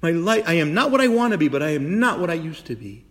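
A man's voice: on the high side, fast. A middle-aged man, a priest, preaching a sermon with emphatic repetition and direct questions to the congregation. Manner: animated preaching, repeats phrases for emphasis.

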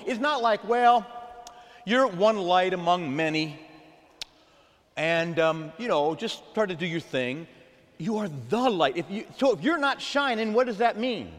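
A man preaches to his church with a high, animated voice that swings up and down, drawing the congregation into call-and-response. His voice carries a long reverb from the hall. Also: normal speed. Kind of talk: sermon.

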